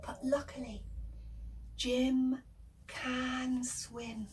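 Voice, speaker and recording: A woman telling an interactive children's story, animated, gasping often, making sound effects and inviting the children to join in. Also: fairly high pitch, takes it slowly, slight background noise.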